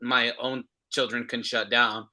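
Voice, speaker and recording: Bright, earnest man on a video call. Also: medium pitch, level tone, measured pace. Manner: earnest and passionate, with restarts. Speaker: father in a discussion group. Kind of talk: casual group discussion.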